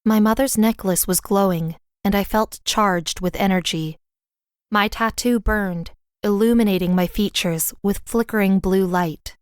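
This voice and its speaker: A woman narrating a fantasy audiobook in the first person, with a smooth, clear reading voice. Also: mid-range voice, unhurried, no echo, clean studio sound.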